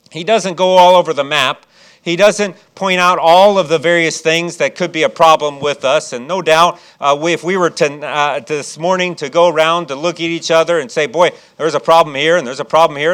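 A man's voice: a little high, fairly bright tone, clear, resonant tone. A man from Chicago preaching a sermon as pastor, with folksy asides and frequent restarts.

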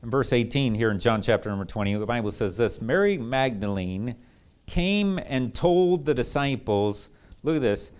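A man preaching a sermon as pastor, swinging between loud, excited bursts and hushed, low asides. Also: normal speed, smooth.

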